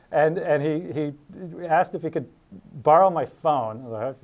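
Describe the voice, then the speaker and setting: A man's voice: a little high, animated, moderate pace, lo-fi sound. A man hosting a casual chat, easygoing and talkative, often laughing. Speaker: host.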